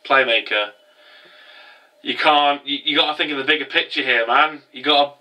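An earnest young man pleads with his friend in an urgent, hurried voice, as a man retells the scene. The tone stays bright and sharp. The mic sits a little far off. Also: medium pitch, steady tone, pitched below the performer's own voice.

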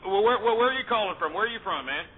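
A high-pitched man runs a call-in radio show with a brash, ranting delivery, berating callers and barking orders to dump them. His voice comes through a thin, phone-like band that strips out the lows and highs. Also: animated, racing, slightly rough. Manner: ranting, insulting, hangs up on callers. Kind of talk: abrasive call-in show hosting. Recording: lo-fi phone-like internet radio audio.

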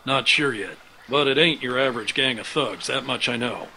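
An actor playing a gruff, grizzled uncle who leads a band of survivors in a game, blunt and commanding. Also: male voice, mid-range voice, normal speed, sharp tone, slight background noise, poor audio. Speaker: video game character. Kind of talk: game dialogue.

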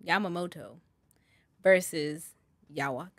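A woman's voice: lowish voice, takes it slowly, a bit bright, no room sound. A woman co-hosting a podcast, announcing award categories and teasing her co-hosts in casual chat.

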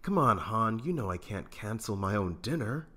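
A man voicing a calm friendly jedi, gentle and good-natured, fan audiobook. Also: fairly low pitch, normal speed, pitched above the performer's own voice.

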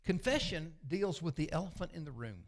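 A man, a pastor preaching a sermon with folksy, confessional storytelling that often sinks to a low murmur. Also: animated, brisk. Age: 60s.

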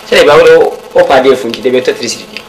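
A man's voice: medium pitch, quick pace, slight background noise, close to an everyday voice, poor audio. An actor playing an eager, confident businessman in casual conversation. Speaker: film character. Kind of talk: casual movie dialogue.

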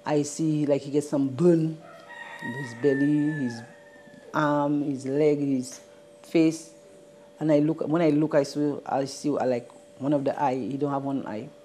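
A person with a Saint Lucian accent describing a body in halting, hesitant speech. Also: medium pitch, fairly even intonation, dark tone, a little hiss or hum. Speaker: witness interviewee. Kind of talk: emotional testimony.

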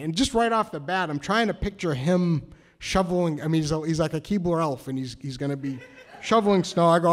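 A man tells a story live on a stage, his voice sitting a little high for a man. He is animated and self-mocking and keeps laughing as he goes. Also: fast. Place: stage in a cultural center.

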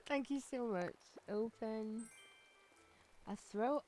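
A woman with a fairly high, sing-song, slightly mellow voice chats casually while streaming a game, speaking slowly with frequent pauses. She's bubbly, gushing with thanks and often gasping and giggling, with faint game music in the background.

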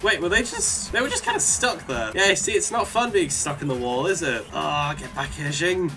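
A young man commentating while he plays a racing game, excitable and quick to yell and laugh at his wins and crashes. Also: fairly high pitch. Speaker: gaming video creator. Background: faint game music.

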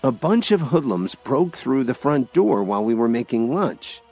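A man's voice: medium pitch, sing-song, normal speed, darkish tone, breathy edge, soft background music, pitched above the performer's own voice. A man voicing an exasperated young woman pleading with her father. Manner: pleading, insistent.

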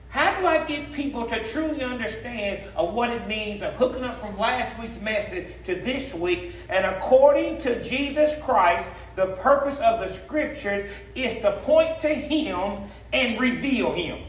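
A man preaching as pastor in a church sanctuary, in call-and-response style with a Black speech pattern, sometimes rising to shouts. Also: extremely high pitch. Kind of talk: sermon. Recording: echoey sanctuary from a distance.

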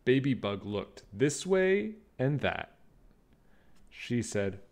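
A man reading a children's storybook aloud with animated, expressive narration. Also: mid-range voice, takes it slowly. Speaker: children's book reader.

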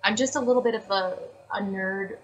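A woman voice actress chatting casually as an interview guest, animated and full of fillers and restarts. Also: medium pitch, a little fast, dull audio, slight background noise.

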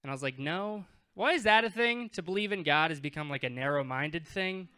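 A man's voice: on the high side, animated, quick pace, bright, forceful tone, clear, resonant tone. A man in his twenties performing stand-up at a comedy club, conversational and self-deprecating, acting out bits of dialogue. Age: 20s.

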